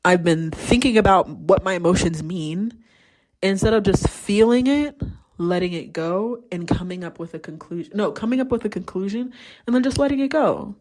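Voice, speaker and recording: A woman's voice: mid-range voice, moderate pace, darkish tone. A young adult woman hosting a podcast, talking candidly in a casual solo monologue and swearing freely. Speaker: podcast host.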